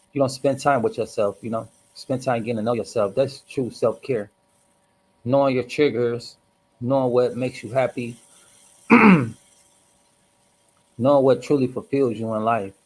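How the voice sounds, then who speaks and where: A man hosting a casual livestream, reflective and rambling, hoarse from smoking and clearing his throat often. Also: medium pitch, unhurried, long pauses, rough recording. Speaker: host.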